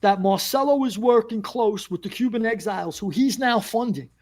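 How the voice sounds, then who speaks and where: Animated storytelling man, high voice. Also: normal speed. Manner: animated storyteller, acts out quotes. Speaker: podcast guest. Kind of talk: casual storytelling.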